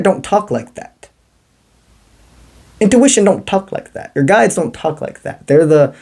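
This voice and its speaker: A man giving a spiritual tarot reading to camera, talking in a calm, encouraging and mystical way with casual slang. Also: high-pitched, a little slow, creaky, pauses often, breathy edge. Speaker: tarot reader.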